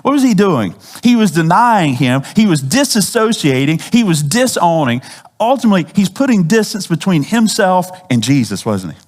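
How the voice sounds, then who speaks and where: A man's voice: high-pitched, very animated, normal speed. A man preaching a sermon as pastor, talking in a casual, conversational way and often asking the congregation questions.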